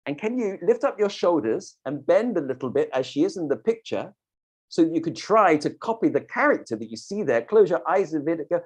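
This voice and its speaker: A storytelling teacher leading an online workshop, demonstrating voices and mouth shapes with animated delivery. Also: medium pitch, a little fast, slightly rough.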